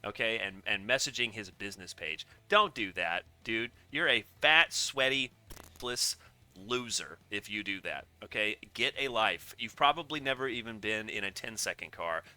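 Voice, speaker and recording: Bright-voiced man ranting sarcastically. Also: lowish voice, lively intonation, normal speed. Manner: rambling, sarcastic, gets worked up. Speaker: commentator reacting to a video. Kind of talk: casual profane reaction commentary.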